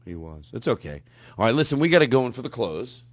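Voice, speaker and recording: A man's voice: medium pitch, big pitch swings, fast talker, no room sound. A man hosting a comedy podcast, chatting in a rambling, goofy, self-interrupting way. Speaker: podcast host. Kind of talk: casual comedic chat.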